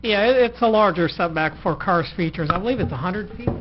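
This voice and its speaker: A man presenting to county commissioners as a planner, speaking in a measured way with hesitant fillers. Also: high voice. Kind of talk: staff presentation. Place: county commission meeting room. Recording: muffled recording with faint noise.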